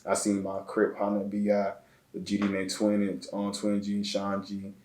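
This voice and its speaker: A man from Chicago, a guest telling a personal story in a halting, emotional way, often repeating words. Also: lowish voice, completely flat delivery, a little mellow. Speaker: interview guest. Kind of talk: casual storytelling. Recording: echoey room.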